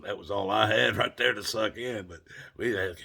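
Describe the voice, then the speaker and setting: A man's voice: on the low side, moderate pace, vocal fry, bright, forceful tone, slightly rough. A man with an Appalachian accent telling a family story in a drawling, plainspoken, folksy way. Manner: drawling, plainspoken, cusses casually.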